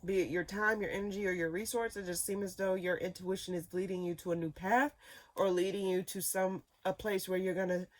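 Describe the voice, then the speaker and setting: A woman's voice: fairly low pitch, fairly even intonation, a little fast. A woman giving a casual tarot reading, talking in loose rambling sentences full of fillers, restarts and repeated phrases. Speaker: tarot reader.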